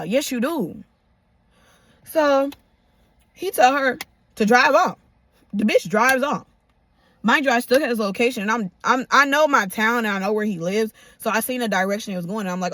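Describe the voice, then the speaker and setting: A young woman tells a storytime tale in a bright, fairly high voice that swings widely in pitch as she reenacts her own outbursts. Her delivery is casual and profane, and the sound is close and dry. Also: expressive, moderate pace, no room sound.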